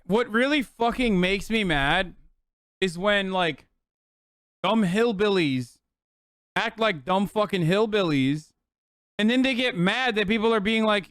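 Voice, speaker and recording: A man's voice: high voice, unhurried, a bit bright, clear, resonant tone, dry recording, studio quality. A man streaming live, reacting to clips with a heated, profane rant.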